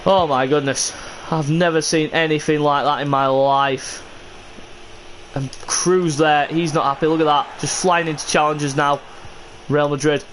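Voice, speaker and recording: Frustrated streamer, man, calls his own game with sudden shouts; light background hiss. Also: a little high. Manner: frustrated, exasperated, bursts into shouts. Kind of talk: live game commentary.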